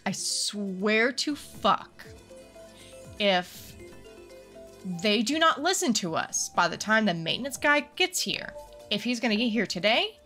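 A woman's voice: on the high side, fairly bright tone. A woman streaming from home, chatting casually while gaming, ranting heatedly and swearing a lot.

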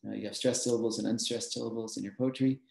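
A man's voice: on the low side, fairly even intonation, fast talker, gravelly, a little mellow. A man giving a master class lecture, explaining patiently with frequent fillers and little laughs. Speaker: mathematician teaching a master class. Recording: roomy echo.

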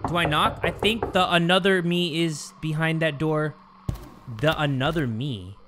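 A man giving jumpy, joking let's-play commentary on a horror game, often breaking into loud screams. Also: fairly high pitch, a little slow, background noise. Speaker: gaming YouTuber.

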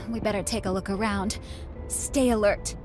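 An actress voicing a cautious young woman ally in a video game, talking slowly and warily. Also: mid-range voice, steady tone, close to an everyday voice. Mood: wary. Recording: loud game music behind. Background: game music.

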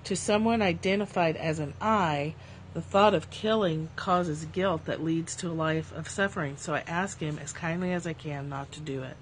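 A woman hosting a livestream, reading spiritual passages aloud in a calm, slow way and breaking off into casual, joking asides. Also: low voice, slight background noise.

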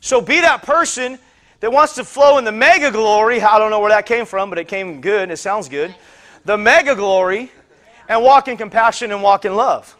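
A man's voice: high-pitched, normal speed, a bit bright. A man preaching a sermon, telling a story in a rambling way, repeating words and acting out the voices of people he quotes. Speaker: pastor.

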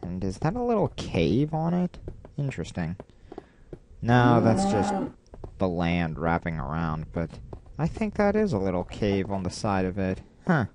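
A man's voice: low voice, huge pitch swings, unhurried, background noise. A man giving casual, playful gameplay commentary, rambling and talking to himself as he plays. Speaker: let's play gamer. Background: loud game music.

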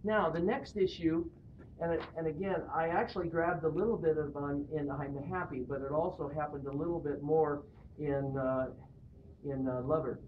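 A man evaluating and coaching a barbershop chorus, animated and encouraging as he explains vocal technique. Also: on the high side, moderate pace, far from the mic. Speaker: singing judge. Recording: echoey room picked up from afar on a lo-fi, noisy device.

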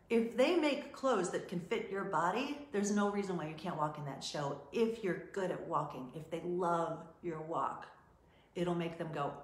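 A middle-aged woman talks through the modeling business in a casual, chatty way, playing out quick exchanges with clients as she goes. Her voice sits a little low, and the room around her is echoey. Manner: chatty, animated, acts out quotes from clients. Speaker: modeling and talent agent. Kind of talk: casual teaching talk.

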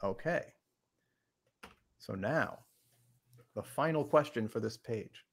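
Gravelly man teaching logic casually. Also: mid-range voice, animated. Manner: halting, restarts often, playful. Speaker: podcast host teaching logic. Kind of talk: casual teaching on a live stream.

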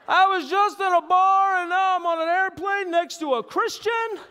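A preacher putting on a loud drunk man in a church hall. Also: extremely high pitch, voice pushed up. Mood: drunk wonder. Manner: slow, loud, in-your-face. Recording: long hall reverb.

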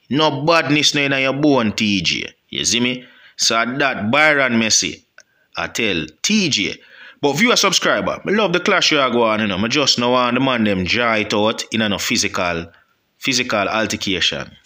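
A man's voice: mid-range voice, sharp tone. A man with a Jamaican accent giving rambling casual commentary to his viewers, often checking in with them. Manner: rambling, keeps asking "you see me". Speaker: music commentary vlogger.

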